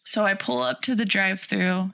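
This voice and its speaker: A woman in her thirties co-hosting a casual podcast chat, telling stories in an animated way and laughing often. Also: mid-range voice, moderate pace, vocal fry, no room sound. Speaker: podcast co-host.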